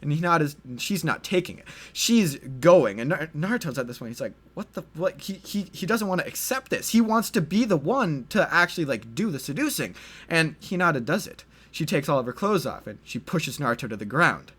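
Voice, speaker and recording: A man's voice: a little high, sing-song, fairly quick, fairly bright tone, slightly rough. A man telling a made-up story in casual chat, stammering and repeating words as he goes.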